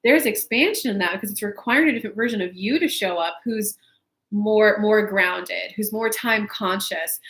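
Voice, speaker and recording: A woman in her thirties hosting a casual live chat for her viewers, telling stories in an animated way with swearing and laughter. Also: medium pitch, normal speed. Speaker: spiritual coach and channel host. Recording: echoey room.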